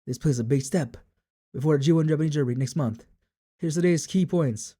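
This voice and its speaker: A man voicing an excitable race announcer, calling the field in a loud broadcast style. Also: fairly high pitch, brisk, slightly rough. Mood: hyped.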